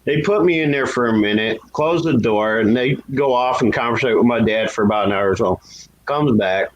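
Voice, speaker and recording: Talking a little fast in a muffled recording, a man shares his past casually and candidly. He's self-deprecating, laughs at himself, and goes up in pitch to act out what people said.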